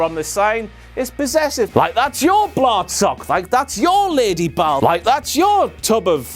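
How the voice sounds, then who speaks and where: Man, comedy recap host; high-pitched, animated, sweary and sarcastic. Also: measured pace, few pauses, soft background music. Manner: sarcastic, profane, jokey, slips into silly voices. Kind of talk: comedic wrestling commentary.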